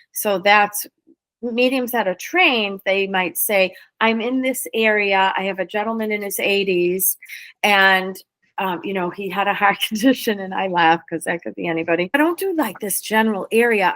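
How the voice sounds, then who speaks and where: Fast-talking woman in a dry room. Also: mid-range voice, no room sound. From New England. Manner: lively, fast-flowing explanations. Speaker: spirit medium guest. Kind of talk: casual interview talk.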